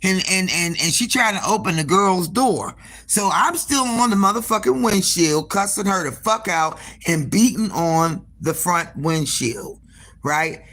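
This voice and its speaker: An animated woman spinning a story in casual, salty talk, swearing freely and turning to her listeners with asides. She acts out the dialogue, her voice jumping up high for the quoted lines. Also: a little slow. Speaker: hair salon owner. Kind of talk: casual storytelling on a live stream.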